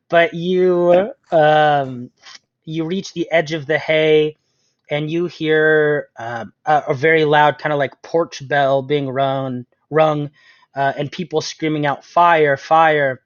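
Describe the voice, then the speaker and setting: A man's voice: fairly high pitch, steady tone, unhurried, no echo. Game master, male, chatty with ums, dull lo-fi recording. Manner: chatty, laughs often, fills with um. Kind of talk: narrating a tabletop game. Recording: dull lo-fi sound, dry room.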